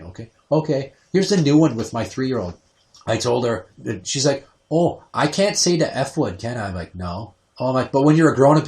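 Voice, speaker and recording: A man in his thirties hosts a crude, casual podcast chat. He swears freely and tells lively parenting stories. He jumps into other people's voices as he tells them. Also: mid-range voice. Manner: profane, animated storytelling, acts out quotes. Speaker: podcast host.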